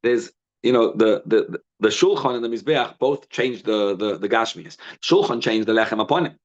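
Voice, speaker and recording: A man teaching a live Torah class in an animated, conversational way, full of rhetorical questions, quick restarts and Hebrew and Yiddish terms. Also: lowish voice, dull audio. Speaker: rabbi teaching a daily class. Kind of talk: informal Torah lesson, storytelling.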